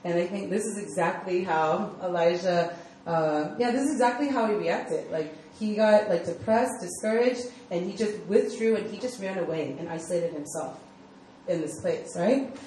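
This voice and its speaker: A woman's voice: on the low side, moderate pace, warm tone, a little hiss or hum. A young adult woman giving a casual sermon to a youth group, telling stories in a chatty way full of fillers. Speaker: speaker at a church youth group. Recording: echoey room, mic far off, faint ambience.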